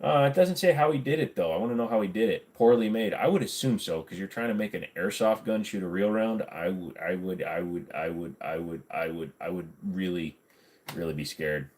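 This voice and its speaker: A man's voice: low voice, brisk, a little mellow. A man hosting a casual livestream, reading chat and joking around, slipping now and then into goofy voices. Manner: chatty, jokey, slips into goofy voices.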